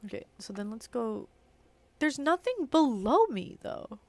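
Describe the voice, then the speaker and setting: A woman's voice: on the high side, big pitch swings, a little slow, a little mellow. Chatty young woman streaming a game. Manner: rambling and chatty, fills speech with "like". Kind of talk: casual live-stream chat while gaming.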